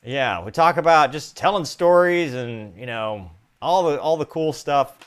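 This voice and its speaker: A man's voice: on the high side, lively intonation, measured pace, fairly bright tone, clean tone. A man hosting a live interview show over a video call, enthusiastic and casual. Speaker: podcast host.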